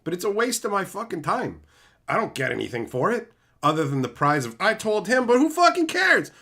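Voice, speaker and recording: Man, livestream rant, foul-mouthed, loud bursts then low mutters, very lively pitch. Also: brisk. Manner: profane, ranting, swings from loud outbursts to low mutters. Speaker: streamer reading live chat.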